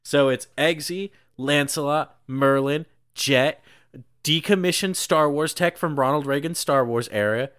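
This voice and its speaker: Unhurried and a bit bright, this young man's higher, clean voice is captured in an echo-free studio. He co-hosts a podcast and rambles through a casual movie recap, saying "like" constantly and performing quotes from the film.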